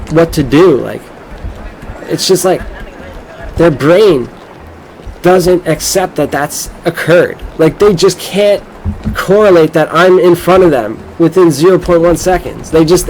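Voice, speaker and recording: A man's voice: fairly high pitch, darkish tone, a little hiss or hum, poor audio. A young man from Florida talking casually over a game, rambling and cursing as he tells a boastful story. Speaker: gameplay streamer. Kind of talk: casual rambling gameplay commentary.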